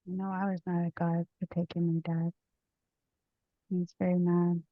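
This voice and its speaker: A woman from India speaking in a talkative, expressive way. She is a guest speaker in a discussion and drifts into tangents. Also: fairly low pitch, normal speed, no echo, narrow, tinny audio. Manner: talkative, expressive, easily sidetracked. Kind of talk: casual discussion.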